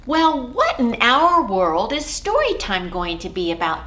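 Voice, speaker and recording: A woman children's librarian leading a storytime for young children, talking in an expressive, sing-song way. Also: high-pitched, a little hiss or hum. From United States. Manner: sing-song, expressive, slow and clear for toddlers. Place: library or home room.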